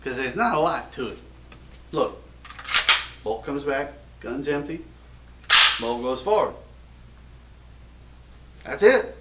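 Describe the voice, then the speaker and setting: A man's voice: a little high, slight background noise. Joking American man in a roomy space. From United States. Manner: goofy, self-mocking, rambling jokes. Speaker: gun show host. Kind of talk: casual joking show-and-tell. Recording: roomy echo from a distant mic.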